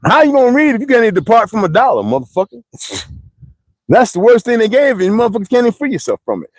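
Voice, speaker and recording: A man's voice: extremely high pitch, sing-song, fast, no room sound. A man, telling rambling stories in a blunt, profane monologue to his viewers, heavy with slang. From United States. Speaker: streamer ranting to viewers.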